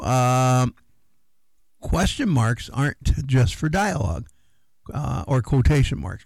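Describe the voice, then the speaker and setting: Man, radio co-host, gravelly, rambling, casual chat, dry studio sound. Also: mid-range voice, a little mellow, no echo. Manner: rambling, many fillers and restarts.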